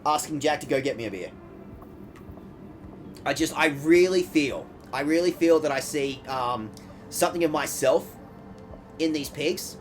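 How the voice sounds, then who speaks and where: A man streaming a game, joking and riffing in casual chat while swearing freely. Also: fairly high pitch. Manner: jokey, riffing, swearing, lively bits. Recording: music playing behind.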